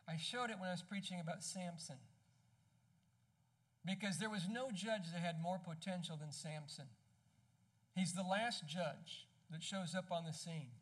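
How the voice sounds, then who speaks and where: A pastor preaching a sermon, emphatic and conversational, often asking rhetorical questions. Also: male voice, sits high, normal speed, pauses often, a bit bright.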